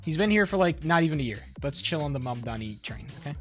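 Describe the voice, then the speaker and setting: Man, bright voice, profane rambling rant, faint music behind. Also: a little high, lively intonation, quick pace, few pauses. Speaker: livestreamer. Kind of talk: casual political rant while gaming.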